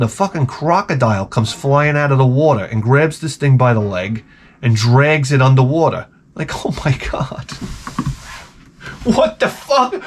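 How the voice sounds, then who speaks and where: A man hosting his own vlog, telling a crude comic story in a rambling way with loud outbursts. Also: fairly high pitch, a little hiss or hum. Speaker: vlog host.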